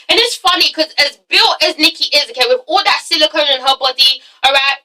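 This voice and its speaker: A woman's voice: high-pitched, sharp tone, recorded from a distance, poor audio. A woman vlogger recapping a reality show in a sassy, profane way, tagging her lines with "okay?" and "all right?". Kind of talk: casual recap and commentary.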